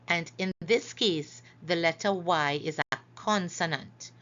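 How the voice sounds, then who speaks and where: Slow, bright-voiced woman teaching phonics. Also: on the low side, muffled recording. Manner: slow, careful, stretches out example words. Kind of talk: phonics lesson narration over slides.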